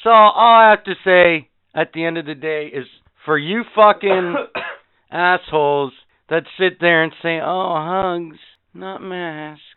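Heard over phone-quality sound, a fifty-something man hosting a podcast rants with profanity, sarcasm and plain exasperation. His pitch runs high and he takes his time.

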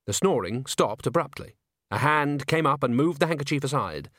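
A man narrates an audiobook from a script, telling the story expressively at medium pitch and moderate pace. The recording is clean studio sound with no room noise.

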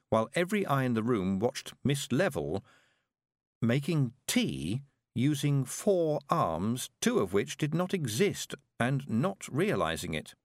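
Guy reading a fantasy storybook, animated delivery, no room echo. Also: mid-range voice, clean studio sound. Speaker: audiobook narrator. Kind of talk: scripted storybook narration.

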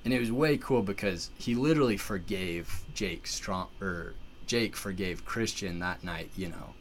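With a low-sitting voice and measured pace, a man recounts a tale as a podcast guest, a faint hiss or hum underneath. It's lively, casual storytelling packed with fillers, especially "like," and frequent restarts.

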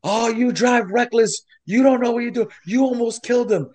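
A man doing the voice of a scolding elderly woman bystander, speaking in a shrill, slow, reproachful way. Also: darkish tone.

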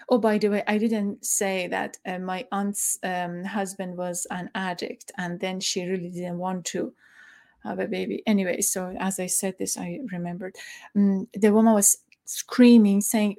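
A middle-aged woman tells a personal story. She speaks haltingly and emotionally, stopping to search for words and using many fillers, and sounds close to tears. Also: mid-range voice, level tone, dark tone. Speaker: former journalist.

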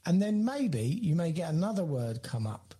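A man's voice: a little high, very animated, moderate pace, warm tone. A man, a ministry leader guest, talking in an encouraging way with stammering restarts. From United Kingdom. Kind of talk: casual ministry conversation.

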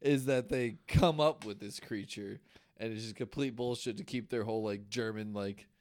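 A man co-hosting a casual podcast, telling a folklore story in an animated, profane way and laughing often. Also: lowish voice, moderate pace. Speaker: podcast co-host.

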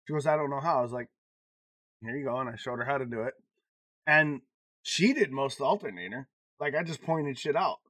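A podcast co-host with a mid-range voice tells stories in casual chat, fairly quick but pausing often. He swears a lot, laughs frequently and swings widely in loudness, and the recording is dry.

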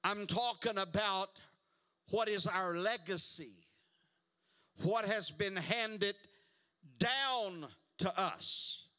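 Pastor, male, high bright voice, slow emphatic sermon delivery. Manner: emphatic preaching, repeats words and calls for responses.

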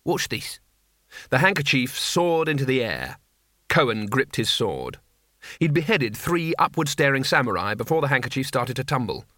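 Man, audiobook narrator, animated delivery, bright voice. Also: mid-range voice, moderate pace, dry recording. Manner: expressive storytelling. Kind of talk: scripted narration.

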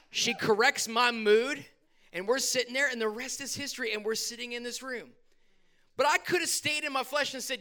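A man's voice: high voice, animated, moderate pace, pushed and bright. A male pastor, preaching a conversational sermon in a church, acting out his prayers and quotes. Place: church sanctuary.

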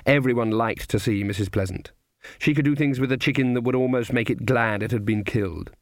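A man narrating an audiobook in measured storytelling. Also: medium pitch, dry recording, studio quality. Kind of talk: scripted narration.

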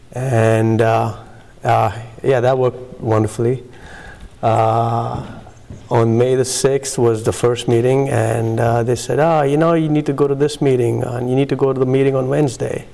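A man shares his personal testimony at a recovery meeting. His voice is gravelly, and he stops often to search for words. His speech is full of fillers and pauses. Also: medium pitch, a little mellow. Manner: halting, many fillers and pauses.

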